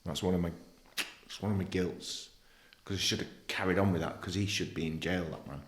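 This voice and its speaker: Blunt, swearing man, lowish voice. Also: a little fast, reverberant. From England. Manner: blunt, swears often, animated storytelling. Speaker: podcast guest. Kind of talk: candid interview conversation.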